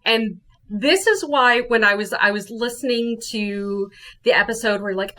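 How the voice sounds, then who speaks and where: Lively woman telling a ghost story. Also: fairly high pitch, moderate pace. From New Orleans, USA. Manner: animated, acts out her own quotes. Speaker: guest storyteller.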